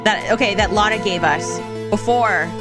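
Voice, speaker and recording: A woman's voice: mid-range voice, normal speed. A woman streaming a courtroom game, giddy and profane, laughing often and reading game lines aloud. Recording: game music playing behind.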